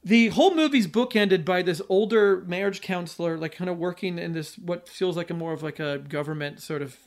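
A man's voice: high-pitched, fairly quick. A man hosting a podcast, recapping a film plot in a loose, rambling chat full of fillers and restarts. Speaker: podcast host.

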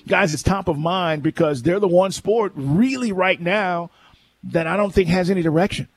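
A man's voice: high-pitched, normal speed, dry recording. A man co-hosting a sports radio show, talking energetically and reading promos between segments. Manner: energetic, reads station promos and phone number.

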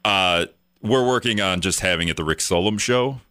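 A man's voice: low voice, normal speed, sharp tone, clear, resonant tone, dry recording. A man hosting a casual talk radio show from a studio, rambling and joking at his own expense. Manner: rambling, joking, self-mocking. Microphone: studio microphone.

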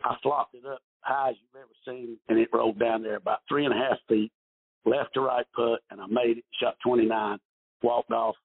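A man's voice: mid-range voice, animated, a little fast, gravelly, slightly rough. An older man telling rambling golf stories in a podcast interview, with many restarts, heard over a phone line. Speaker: golf pro guest.

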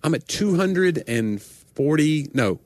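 A man's voice: a little high, animated, slow pace, darkish tone, dry recording, studio quality. A man in his forties co-hosting a podcast, chatting casually, joking, and sometimes trailing off while he searches for words. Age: 40s. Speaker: podcast co-host.

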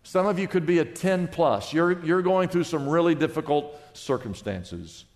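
A man's voice: fairly high pitch, animated, moderate pace, a little mellow, long reverb tail. A man pastor preaching a sermon to his congregation in a church, emphatic and asking them questions. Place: church sanctuary.

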